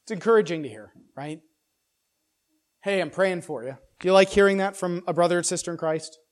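At a fairly quick pace, a man earnestly works through an expository sermon, restarting often and repeating words. His voice builds in loudness and pitch whenever he emphasizes something.

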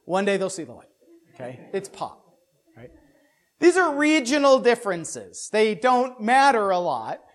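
A man's voice: high-pitched, sing-song, a little slow. A man giving a conversational Bible lesson who keeps asking "right?", adds joking asides and repeats words as he thinks aloud. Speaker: pastor or Bible teacher.

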